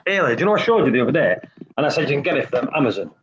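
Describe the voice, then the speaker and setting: Very fast and sing-song at a medium pitch, a man hosts a reef-keeping live stream in a casual, chatty, repetitive way, talking through every step as he shows it. Faint hiss and slight muffling mark the stream audio.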